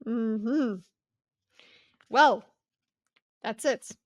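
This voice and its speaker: A woman co-hosting a casual book club, reacting in an expressive, exasperated way. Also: fairly high pitch, extremely slow, dry recording. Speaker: co-host of a book club show.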